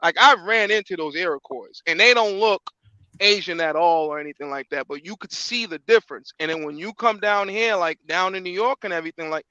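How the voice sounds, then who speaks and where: Casual male guest, rambling and filler-heavy, bright tone, dry close sound. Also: sits high, fairly quick, dry recording, lo-fi sound. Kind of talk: casual chat.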